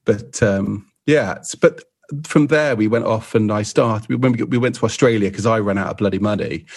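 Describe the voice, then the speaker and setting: A man's voice: on the low side, normal speed. A middle-aged English man telling rambling, self-deprecating stories about his photography career in casual chat, acting out what others said. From England. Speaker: podcast guest and co-host photographer.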